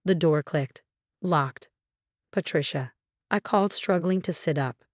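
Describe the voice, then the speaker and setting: A woman's voice: lowish voice, moderate pace, darkish tone, no room sound, studio quality. A woman narrating a first-person revenge story in an emotional, dramatic storytelling manner.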